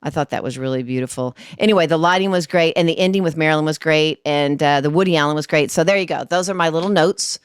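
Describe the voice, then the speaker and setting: A woman co-host chats eagerly about her notes, breaking into laughter now and then. Her voice sits on the low side for a woman. The sound is dry and close, with no room around it. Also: fast, few pauses, clear, resonant tone, no echo. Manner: enthusiastic, laughs often, rewatch notes. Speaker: podcast co-host. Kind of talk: casual chat.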